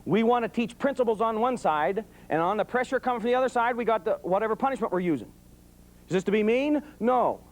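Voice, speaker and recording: A middle-aged police sergeant with a high-pitched, lively voice talks fast as he gives a folksy, humorous talk on raising children to a live audience. He acts out voices while telling his stories.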